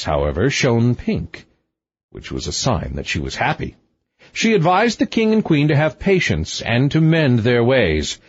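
Man, fairy tale audiobook narration, husky voice, very lively intonation, dull lo-fi sound. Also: medium pitch, dry recording. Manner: expressive, sweeping intonation.

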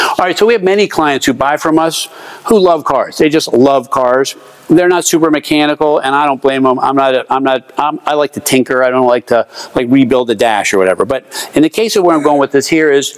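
An enthusiastic man giving a casual, chatty sales walkaround of a car in a showroom, with lots of fillers. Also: mid-range voice.

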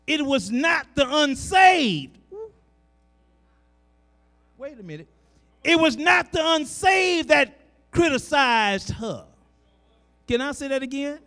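A high, bright male voice in a church delivering a slow, drawn-out sermon. The middle-aged preacher swings between quiet talk and shouted proclamations, repeating his phrases in a call-and-response rhythm. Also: sing-song, soft background music.

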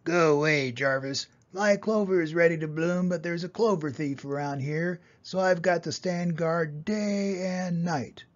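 An older man voicing a grumpy, hungry male woodland animal guarding his clover, speaking in a gruff, drawn-out, cranky way. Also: a little high, muffled recording, natural voice.

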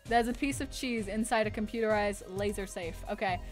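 A young woman streaming a video game, excitable and loud, who swears often and keeps squealing and exclaiming. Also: medium pitch, a little fast, soft background music. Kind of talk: live gaming stream commentary.

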